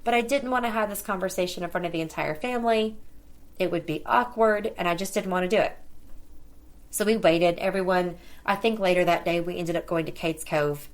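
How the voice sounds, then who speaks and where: Lower-voiced woman telling a family story. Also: brisk. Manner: conversational, lively retelling of dialogue. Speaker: podcast host. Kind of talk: personal storytelling.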